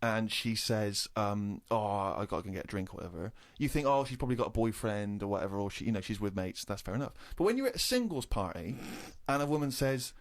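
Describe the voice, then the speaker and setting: Fast-talking English man telling a story. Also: fairly low pitch. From England. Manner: animated storytelling, rising indignation. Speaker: co-host telling an anecdote. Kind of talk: casual comedy podcast chat.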